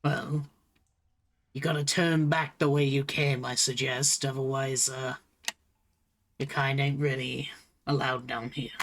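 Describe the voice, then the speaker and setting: A man voicing a gruff male sewer mutant with a tendril arm, talking coarse and blunt. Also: mid-range voice, little pitch movement, a little slow, pauses often, a bit bright, slight background noise.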